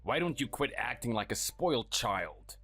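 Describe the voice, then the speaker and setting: A man's voice: big pitch swings, moderate pace, a bit bright, slightly rough, soft background music. A man playing a scornful, bossy husband who belittles his spouse, in a dramatized story. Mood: contemptuous. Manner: sneering and dismissive, low and clipped.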